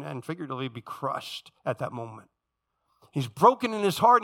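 A man in his forties preaching a sermon as pastor, telling stories dramatically and swinging from loud passages to hushed ones. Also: medium pitch. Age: 40s.

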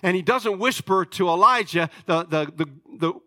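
An older man preaching a sermon as pastor, impassioned, swinging between loud declarations and hushed asides. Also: high-pitched, normal speed, no room sound, studio quality.

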